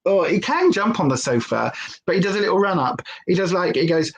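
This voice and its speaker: A woman's voice: on the low side, animated, brisk, slight background noise, poor audio. A woman chatting casually on a livestream, rambling and stopping to talk to her dog. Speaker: livestream host.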